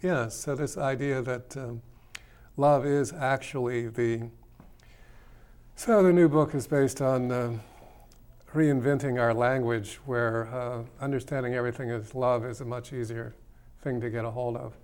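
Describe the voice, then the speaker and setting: A man's voice: medium pitch, steady tone, measured pace, a little mellow. A man hosting a call-in talk show, rambling and playful, teasing his listeners as he explains his ideas. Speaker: radio show host.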